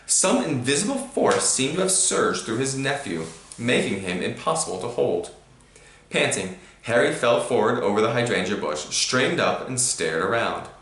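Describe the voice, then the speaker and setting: A man reading a storybook aloud to a child, with animated emphasis. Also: medium pitch, normal speed, slight background noise. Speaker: reader to a child. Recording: roomy echo.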